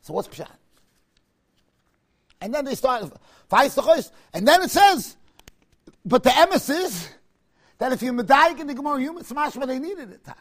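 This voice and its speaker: A man delivers a Talmud lecture in an unusually high voice. He argues with impassioned rhetorical questions and sudden bursts of emphasis, mixing Hebrew and Aramaic terms into his English. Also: animated, a little slow, pauses often. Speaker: rabbi teaching Talmud.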